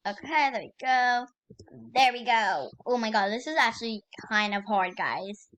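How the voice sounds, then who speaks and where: A young woman hosting her own gaming channel, giving casual gameplay commentary in an excitable way, repeating exclamations and using lots of fillers. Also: on the high side, moderate pace, lo-fi sound. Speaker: gaming YouTuber.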